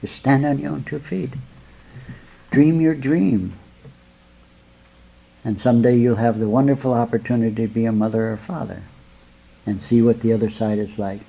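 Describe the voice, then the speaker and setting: A man with a husky, slightly breathy voice gives a spiritual talk. His pitch sits in an ordinary middle range. He talks slowly and meanders from point to point, tenderly calling his students beloved. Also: steady tone, dark tone, highs cut off. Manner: slow, rambling, addresses listeners as beloved. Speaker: spiritual teacher.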